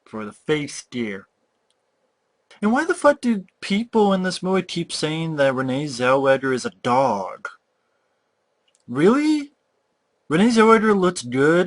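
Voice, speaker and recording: In a fairly high, somewhat bright voice, a young movie reviewer tears into a film with an expletive-laden rant. His tone is mocking and exasperated.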